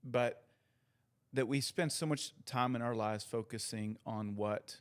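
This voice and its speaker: A man's voice: mid-range voice, unhurried, clear, resonant tone. Male co-host, faith podcast, reflective and teacherly, repeats phrases. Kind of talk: casual faith podcast chat.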